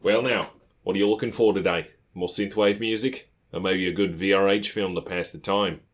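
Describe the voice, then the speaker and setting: In an audiobook, a man with a low voice at normal speed plays a cheerful, streetwise tape dealer with a faint accent. The character sounds jovial, friendly, and conspiratorial.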